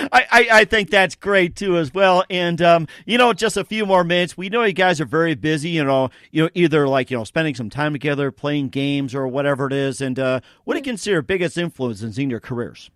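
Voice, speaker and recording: A man's voice: on the high side, normal speed, fairly bright tone, dry recording, studio quality. Chatty male talk show host. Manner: chatty, repeats "as well, too", laughs often. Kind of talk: casual interview.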